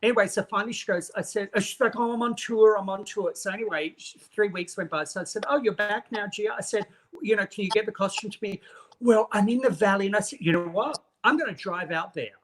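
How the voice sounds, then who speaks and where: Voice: mid-range voice, quick pace, a bit bright. A guest costume maker chatting casually and gossiping, telling a long story and quoting others, often calling people honey. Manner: acts out others' lines in quotes. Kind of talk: casual chat.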